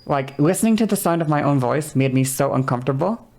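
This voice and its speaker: A woman's voice: low-pitched, animated, fast talker, darkish tone. A woman streamer chatting casually and rambling, laughing often and correcting herself mid-sentence. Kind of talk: casual livestream chat.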